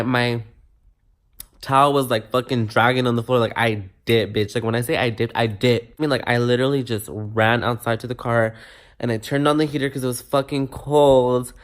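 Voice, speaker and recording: Young male vlogger, mid-pitched voice, animated and profane storytelling, slips in Spanish words. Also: clean tone. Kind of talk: casual storytime to camera.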